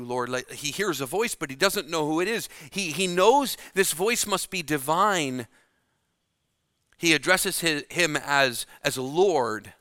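A man preaching a sermon, slow and dramatic, dropping to a hush to stress key words. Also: a little high, no room sound, studio quality.

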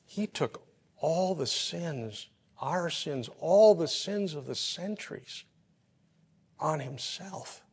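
A man preaching a sermon, telling everyday stories and swinging from soft, quiet passages to loud, emphatic peaks. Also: on the high side, animated, slow pace, breathy edge. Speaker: pastor. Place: church. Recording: long hall reverb.

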